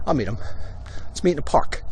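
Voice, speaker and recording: A man doing a quiet, curt, dismissive impression of an aloof male actor while telling a story. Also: medium pitch, very animated, a little fast, gravelly, noisy background.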